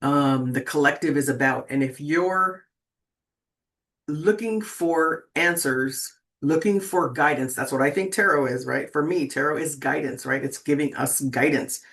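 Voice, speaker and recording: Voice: mid-range voice, a little slow, a bit bright. A person in their sixties hosting a tarot channel, chatting casually and rambling with lots of fillers and restarts, and often checking in with "right?". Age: 60s. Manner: rambling, keeps asking "right?". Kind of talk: casual spiritual talk to viewers.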